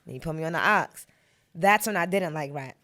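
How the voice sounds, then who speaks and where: A woman's voice: deep voice, expressive, a little fast, sharp tone. A woman from Queens, a podcast guest telling stories of her early rap days in blunt, laid-back street slang. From Queens, New York. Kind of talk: casual storytelling interview.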